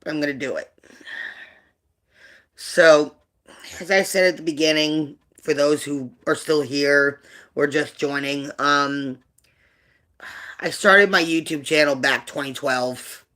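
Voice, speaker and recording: Speaking on his livestream, a man stumbles through a painful personal memory with lots of fillers, sounding quiet and emotional. His voice is a little high, steady, and sharp in tone.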